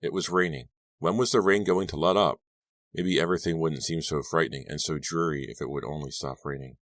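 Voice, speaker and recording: Guy with a super deep voice reading a scary teen book, dry close mic. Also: fairly even intonation, a little fast, a bit bright, dry recording. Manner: tense first-person storytelling. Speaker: audiobook narrator. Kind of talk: scripted audiobook narration.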